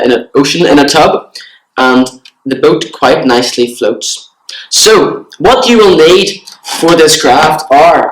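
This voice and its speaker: A man casually showing children how to make a craft, relaxed and a bit rambling. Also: a little high, slight background noise. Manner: relaxed, rambling, with ums and self-corrections. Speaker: craft demonstrator. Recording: echoey room.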